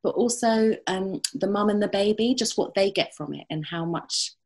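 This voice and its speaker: A woman with a British accent, a psychotherapist answering interview questions in a thoughtful, halting way with many fillers. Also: mid-range voice. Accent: British English. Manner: thoughtful, warm, with fillers and restarts. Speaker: psychotherapist and group leader.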